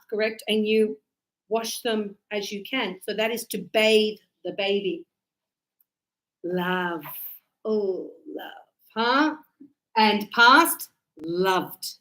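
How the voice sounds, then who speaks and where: A woman teaching a pronunciation lesson, with a voice on the higher side. She talks slowly and deliberately. She acts out the examples with energy and keeps checking that the class understands. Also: pushed and bright, poor audio. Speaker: English teacher.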